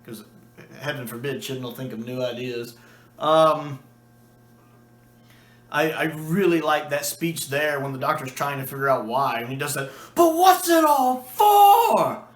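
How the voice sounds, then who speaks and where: A man's voice: medium pitch, steady tone, normal speed, pauses often, a bit bright, roomy sound. A man chatting casually and enthusiastically as a video reviewer, with a few restarts and fillers. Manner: enthusiastic, acts out quoted lines.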